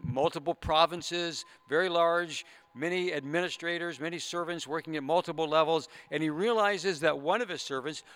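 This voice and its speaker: A male pastor delivers his sermon in a clear, smooth voice that sits a little high for a man. He retells the parable earnestly and keeps breaking off into conversational asides to his listeners. His tone stays bright and forward throughout.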